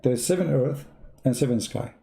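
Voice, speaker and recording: A man's voice: mid-range voice, moderate pace, creaky, dark tone. Sarcastic man with an Arabic accent. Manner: sarcastic, broken grammar, repetitive counting. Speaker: host. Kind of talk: mocking religious commentary.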